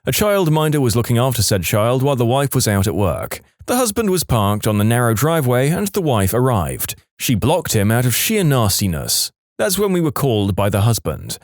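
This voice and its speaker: A man narrating a series of short storytime anecdotes, switching into quick put-on voices for the people he quotes. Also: medium pitch, very animated, no echo, clean studio sound. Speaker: narrator reading stories.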